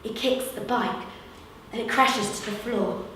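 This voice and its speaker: A woman's voice: fairly high pitch, a little slow, fairly bright tone, slight background noise. A woman playing a chatty, cheerful London street seller in a theatre monologue, telling a story and mimicking the voices of others, with a London accent. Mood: lively. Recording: echoey hall from far off.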